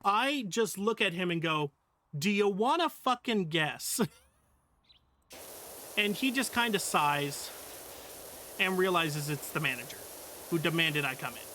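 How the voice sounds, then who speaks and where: Young guy streamer, sharp tense voice, blunt and sweary, venting about an old job. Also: fairly high pitch, measured pace, long pauses, a little hiss or hum. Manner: profane, blunt, exasperated retelling. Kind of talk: casual storytelling.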